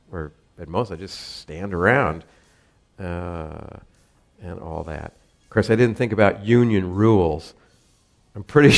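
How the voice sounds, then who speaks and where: Low and creaky, the voice belongs to a man from Southern California spinning a loose, rambling personal anecdote. He laughs softly throughout and keeps stumbling into fillers and false starts.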